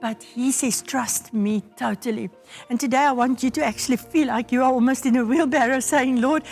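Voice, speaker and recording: A South African woman pastor giving a devotional sermon, telling a story and acting out the voices in it. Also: high-pitched. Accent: South African English. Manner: storytelling, acts out quoted voices.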